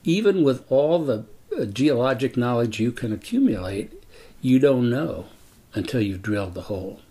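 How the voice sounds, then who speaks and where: A man in his eighties telling a story from his working life in a measured, deliberate way. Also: mid-range voice, lively intonation, mellow. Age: 80s. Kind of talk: personal storytelling.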